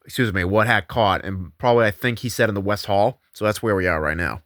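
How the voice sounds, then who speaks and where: A man's voice: fairly low pitch, fairly quick, a bit bright, dry recording, studio quality. A man narrating a paranormal investigation in a casual, rambling way, correcting himself as he goes. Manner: rambling, loose, self-correcting.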